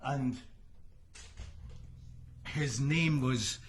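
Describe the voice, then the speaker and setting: Chuckling Scottish man, slow talk. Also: mid-range voice. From Scotland. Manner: rambling, chuckling often, trails off with ums. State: hay fever. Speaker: singer and musician hosting a livestream. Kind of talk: casual chat between songs. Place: at home in Florida.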